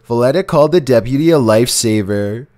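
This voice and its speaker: A man reading a scripted narration for a countdown video in an even, measured way. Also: mid-range voice.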